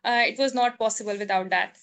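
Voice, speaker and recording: A woman with a high voice talks over a video call as a doctor recounting her exam, sounding overwhelmed. She hesitates often, filling her speech with "uh" and restarts. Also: fast, a bit bright, clean tone. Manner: hesitant, with many "uh" fillers and restarts, laughs often. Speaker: doctor, a student who passed an exam. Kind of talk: emotional call testimony.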